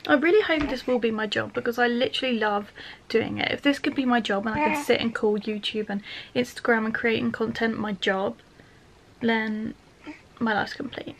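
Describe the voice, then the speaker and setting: A woman's voice: fairly high pitch, moderate pace, slight background noise. A young woman in her twenties chatting casually at home in a vlog, emotional and laughing often. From England. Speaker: vlogger.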